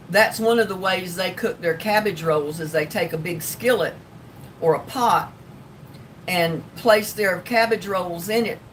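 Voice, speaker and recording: An older woman from North Carolina hosts a casual livestream, reading out viewer comments in a folksy Southern drawl. She rambles, laughing often and dropping frequent ums. The mic sits at a distance, and a faint rumble runs underneath.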